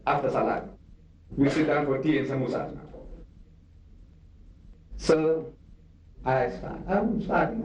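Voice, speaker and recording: An older man with a South African Indian English accent lectures to an audience, voicing the people in his stories and pressing listeners with questions. His voice sits somewhat high yet dark and mellow. The recording is muffled and distant, with the boom of a large reverberant hall. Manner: animated storytelling, acting out dialogue and questioning the audience. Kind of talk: public religious lecture. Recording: dull, echoey hall recording from far off.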